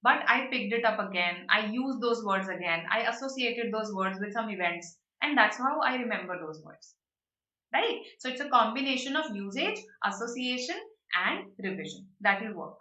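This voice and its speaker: Bright-voiced teacher, roomy lo-fi sound. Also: female voice, fairly high pitch, moderate pace, far from the mic. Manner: lively, explanatory, checks in with "right?" and "okay". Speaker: online exam-prep teacher. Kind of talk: live online vocabulary lesson.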